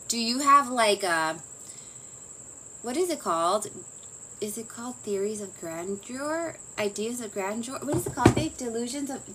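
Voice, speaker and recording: A woman's voice: on the high side, a bit bright, low-quality recording. A woman giving a casual, chatty psychology lesson, full of fillers and self-corrections. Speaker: psychology teacher. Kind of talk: casual lecture.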